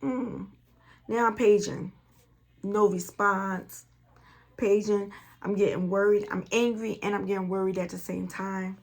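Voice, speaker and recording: A middle-aged woman tells a story from her own life on her vlog, and her voice has a gravelly, fried edge. She repeats phrases for emphasis and acts out both sides of the conversation. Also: mid-range voice, fairly even intonation, measured pace. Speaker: vlogger. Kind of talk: casual storytelling.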